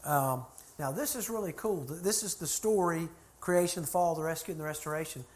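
A man's voice: a little high, brisk. A middle-aged man, a church consultant telling a folksy, chatty story to a group. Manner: folksy, chatty anecdotes with laughter.

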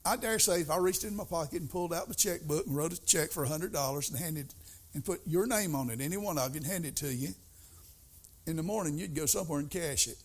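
A middle-aged man preaching a sermon, folksy and storytelling, swinging between soft asides and loud bursts. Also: fairly high pitch, fast talker.

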